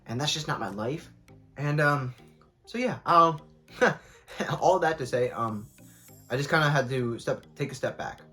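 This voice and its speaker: A man's voice: on the high side, lively intonation, unhurried, pauses often, bright, forceful tone, soft background music. A young man vlogging casually while eating, talking candidly and rambling with lots of fillers, sometimes with food in his mouth. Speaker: mukbang vlogger.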